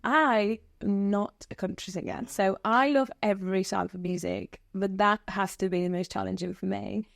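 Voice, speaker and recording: A woman's voice: mid-range voice, steady tone, normal speed, creaky, few pauses, no room sound. Chatty British woman, dry studio. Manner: chatty, laughs often, rambling. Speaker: guest singer. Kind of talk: casual interview chat.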